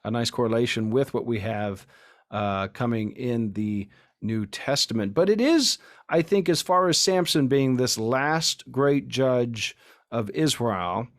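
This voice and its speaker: A man's voice: medium pitch, animated, measured pace. A man co-hosting a Bible podcast who explains the historical background in a thoughtful way, with frequent "uh" and "um". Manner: thoughtful, explanatory, many fillers. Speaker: podcast co-host. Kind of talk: casual Bible discussion.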